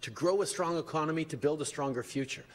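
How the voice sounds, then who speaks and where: A man giving a measured, deliberate statement to the press. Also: on the high side, slight background noise. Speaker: politician speaking to press.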